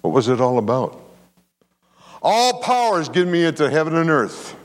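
A man's voice: a little high, moderate pace, long reverb tail. A man preaching a sermon as pastor, telling a story and calling for amens from the congregation. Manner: preaching with call-and-response amens, animated storytelling.

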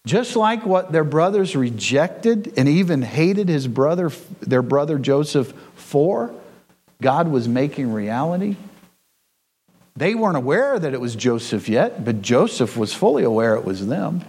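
A man's voice: fairly high pitch, very animated, unhurried, a little mellow, husky. A male pastor preaching a sermon in a church, with folksy storytelling and frequent repetition.

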